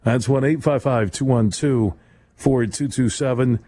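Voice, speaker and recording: A man hosting a sports talk radio call-in show in a studio, talking in an emphatic, rambling, conversational way and leaping up in pitch to stress a point. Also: measured pace, dark tone. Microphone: studio microphone.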